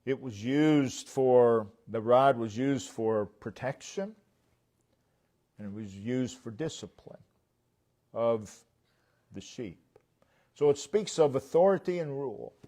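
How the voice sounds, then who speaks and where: A man delivering a church sermon at an unhurried, measured pace. His voice sits at an ordinary middle pitch, and he stresses repeated words deliberately, letting phrases trail off softly at their ends. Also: expressive. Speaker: preacher.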